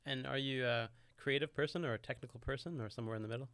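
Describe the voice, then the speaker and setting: Gravelly man hosting a podcast. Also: mid-range voice, very fast, a bit bright, no echo. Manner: curious, long rambling questions. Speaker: podcast host. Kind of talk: casual podcast interview.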